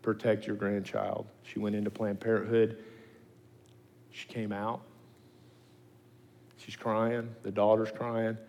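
A man preaching a sermon and telling stories, acting out the people he quotes with sudden high-pitched voices. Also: slow pace, vocal fry, pauses often, in a large hall. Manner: animated storyteller, acting out quotes in pitch leaps. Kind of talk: sermon with storytelling.

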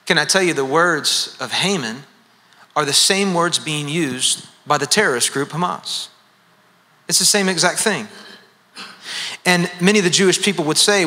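Pastor, man, bright slightly high voice, earnest sermon, long hall reverb. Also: normal speed, long pauses. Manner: earnest, repeats words when stressing a point.

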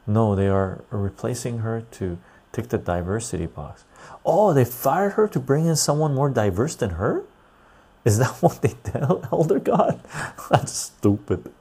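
A man's voice: medium pitch, creaky, mellow, slightly rough. A man hosting a casual livestream, reading chat aloud and rambling loosely. He sounds tired and laughs easily.

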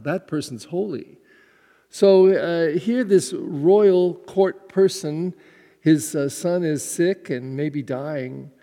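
A pastor delivers a conversational homily, hesitating with fillers and repeating words as he goes. His voice sits fairly high but sounds mellow and soft. The recording carries a long reverb, as if made in a large hall. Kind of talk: podcast homily.

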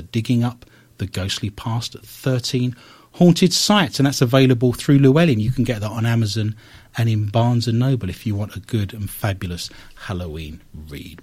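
A man hosting a radio talk show, telling stories and reading the news with wry asides. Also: medium pitch. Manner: animated storyteller with wry asides.

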